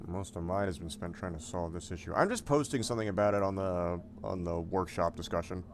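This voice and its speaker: A man's voice: low voice, brisk, a little hiss or hum. A man streaming a game, teasing friends bluntly in casual voice chat.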